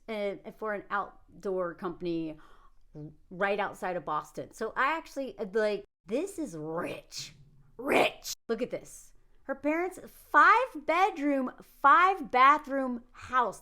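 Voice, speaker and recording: A woman from the United States giving casual, animated commentary, sarcastic and laughing often. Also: high voice. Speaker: commentary vlogger.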